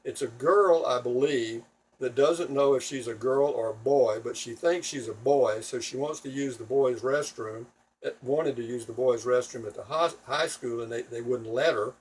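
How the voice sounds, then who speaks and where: A man's voice: mid-range voice, moderate pace, distant mic, slight background noise, low-quality recording. A man rambling to his viewers from home, blunt, profane and self-mocking. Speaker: vlogger. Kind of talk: rambling casual monologue to viewers. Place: home in Texas.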